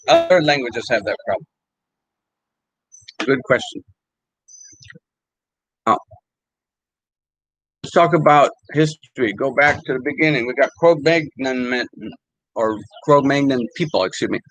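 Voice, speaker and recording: An older man talks in a halting, unhurried way, stopping often with fillers as he reads passages aloud. His voice sits in an ordinary middle register. The recording is dry and close, with little room sound. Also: mid-range voice, animated, a bit bright, dry recording, poor audio. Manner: halting, many fillers and restarts. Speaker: language teacher. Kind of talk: casual talk reading quotes.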